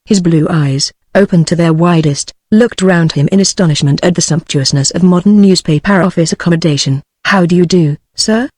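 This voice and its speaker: A text-to-speech woman's voice with a British English accent narrating an audiobook in an even, steady way. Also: lowish voice, fairly quick, few pauses, no room sound.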